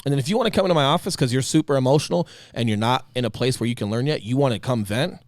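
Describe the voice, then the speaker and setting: A man co-hosting a casual podcast chat, talking with emphatic passion and swinging between loud bursts and quiet asides. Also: medium pitch, racing, no room sound, studio quality. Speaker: podcast co-host.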